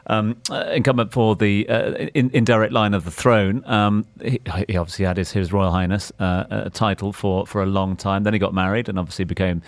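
English guy, business news on radio, low voice, stops and restarts a lot. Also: fairly even intonation, dry recording. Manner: halting, many fillers and restarts. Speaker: business show presenter. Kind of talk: casual radio chat.

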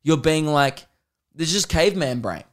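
An Australian man hosting a podcast, chatting casually and telling rambling stories with laughs and quick mimicry. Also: fairly high pitch, expressive. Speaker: podcast host and comedian. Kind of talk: casual chat.

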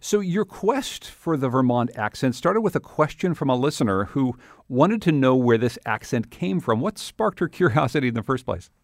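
A man hosting a public radio podcast, reading scripted segments and interviewing a guest in a measured, conversational way. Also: mid-range voice, very animated, dry recording, studio quality.

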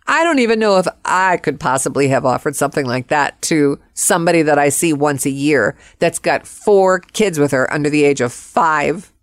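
A woman telling a personal story in a vivid, expressive way, acting out the quotes. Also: low-pitched, moderate pace, few pauses, dry recording, studio quality.

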